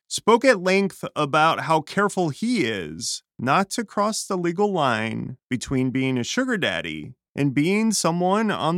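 A man hosts a podcast, moving between interview questions and scripted narration. His fairly high voice swoops with lively intonation. The recording is dry and close. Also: no echo. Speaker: podcast host.

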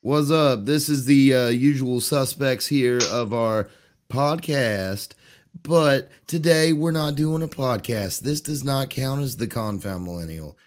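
A man's voice: medium pitch, measured pace. A man hosting a casual gaming session with friends, upbeat and playful. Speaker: podcast host.

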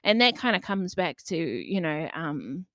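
Low-voiced New woman, candid and chatty. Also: big pitch swings, measured pace, a bit bright, no echo, clean studio sound. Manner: loose and chatty, full of "you know" and "like", swears freely. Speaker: podcaster. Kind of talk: candid personal monologue.

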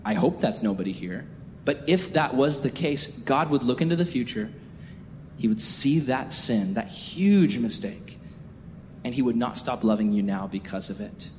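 A man's voice: mid-range voice, lively intonation, moderate pace. Emphatic male preacher in a hall. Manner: emphatic, swings from hushed to raised. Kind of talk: sermon. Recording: reverberant hall with faint noise.

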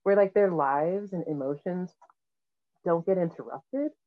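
A woman hosts a casual conversation in a notably low voice. She rambles, searches for words and laughs easily. The sound is tinny, like a phone call. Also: a little slow. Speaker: interviewer. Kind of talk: casual chat.

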